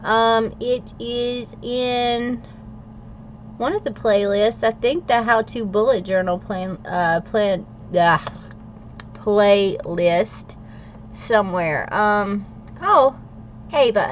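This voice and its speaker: Journaling on a casual livestream, a middle-aged female host chats playfully and reads out viewer comments. Her mid-range voice moves at a slow pace, and the slightly dull lo-fi audio carries a little hiss or hum.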